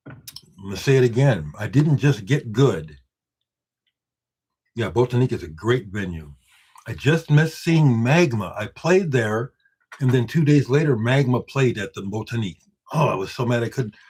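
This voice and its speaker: A man with a husky, slightly breathy voice hosts a casual live stream and chats loosely with his viewers. He replies to their comments and talks up his own records with emphatic, boastful confidence. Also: medium pitch, darkish tone. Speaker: musician hosting a live stream.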